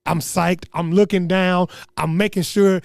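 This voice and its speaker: A young man telling a comedic story in an animated, slangy way, acting out what people said. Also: high voice, unhurried, creaky, dry recording. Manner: animated, slangy, acts out quotes.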